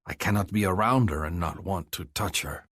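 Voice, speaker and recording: A man giving gruff, measured first-person audiobook narration. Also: deep voice, fairly bright tone, dry recording, studio quality. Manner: gruff, measured, slow deliberate phrasing.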